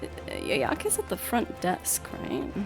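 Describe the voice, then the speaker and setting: A woman's voice: on the low side, wildly swooping pitch, takes it slowly, creaky, music in the background. A woman streamer chatting casually between game lines, laughing at herself. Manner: laughing, self-deprecating asides.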